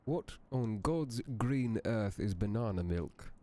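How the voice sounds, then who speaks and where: Theatrical low-voiced man playing tome keeper. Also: animated, slow, mellow. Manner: theatrical, old-fashioned genteel phrasing. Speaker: streamer hosting a horror story reading. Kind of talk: in-character stream chat as a tome keeper.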